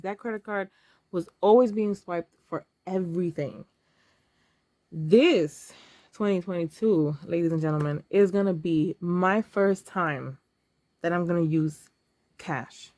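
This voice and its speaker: A woman's voice: lowish voice, slow, long pauses, a little mellow, dry recording. A woman in her thirties, talking casually and emotionally to camera while counting cash aloud. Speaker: vlogger.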